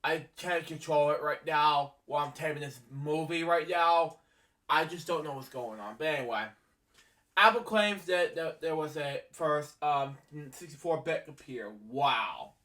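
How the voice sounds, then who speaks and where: A young man reading facts aloud in a halting way, stumbling over words, full of ums and apologies for misspeaking, recorded from a distance. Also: on the high side, bright, forceful tone. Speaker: amateur video maker reading facts aloud. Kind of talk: halting read-aloud narration. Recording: voice from a distance from the mic.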